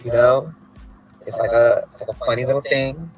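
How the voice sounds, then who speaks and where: A man's voice: mid-range voice, normal speed, poor audio. A man filming himself outdoors in front of a building, talking to camera in a flamboyant, theatrical, mocking casual rant. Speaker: activist filming a street vlog.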